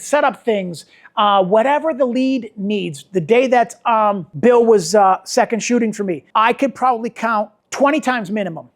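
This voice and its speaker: A middle-aged man, a wedding photographer, teaching a workshop in an informal, rambling way, repeating words for emphasis. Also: sits high. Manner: rambling with many restarts.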